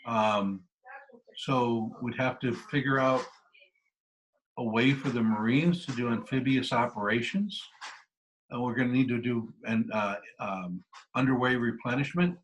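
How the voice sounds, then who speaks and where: A man's voice: mid-range voice, a little slow, slight background noise, poor audio. A man giving a history lecture with slides, talking in a loose conversational way with many fillers and restarts. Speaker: guest lecturer.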